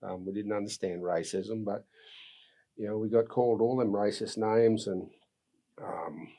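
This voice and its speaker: A man in his sixties with an Australian accent, an earnest podcast guest telling personal stories, reflective, with soft laughs. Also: fairly low pitch, little pitch movement, moderate pace. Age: 60s. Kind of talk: personal storytelling.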